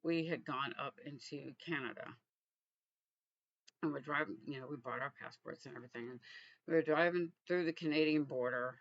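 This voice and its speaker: A man from Texas, vlogging in a reflective, halting way with frequent restarts. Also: a little high, vocal fry, a bit bright, dry recording, lo-fi sound. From Texas, USA. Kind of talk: casual personal vlog.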